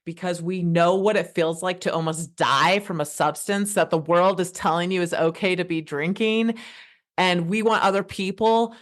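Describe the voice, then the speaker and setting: In a casual podcast chat, a woman in her thirties speaks with passion and energy, rambling and repeatedly restarting sentences. Her pitch is fairly low, her intonation fairly even, and her pace moderate.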